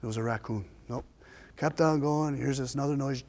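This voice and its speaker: A man telling a family story in a lively, folksy storytelling style, with shifting pace and dramatic pauses. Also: mid-range voice. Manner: homespun, folksy phrasing. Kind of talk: oral storytelling.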